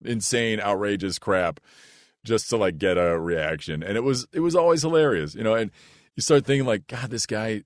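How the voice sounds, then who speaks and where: A man from the United States, an actor and podcast guest, telling an anecdote in an animated, casual way and laughing through it. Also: on the low side, normal speed, no echo, studio quality. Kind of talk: casual storytelling.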